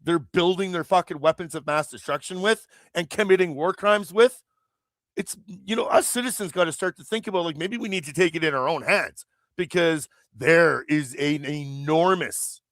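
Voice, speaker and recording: In a clean, echo-free studio recording, a Canadian man with a slightly high, fairly bright voice rants about politics on his livestream at a moderate pace. He's angry and profane, swearing heavily and rambling through restarts.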